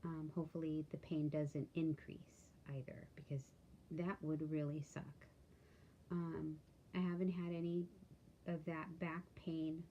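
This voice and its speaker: Tired woman vlogging, halting and candid. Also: low-pitched, flat delivery, highs cut off, slight background noise. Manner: halting, many fillers, candid. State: tired, yawning. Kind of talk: casual video diary.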